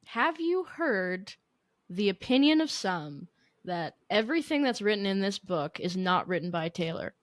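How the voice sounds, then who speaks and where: A young adult woman co-hosting a podcast in casual chat, animated and playfully sarcastic, laughing often. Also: medium pitch, normal speed, dry recording, clean studio sound. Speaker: podcast co-host.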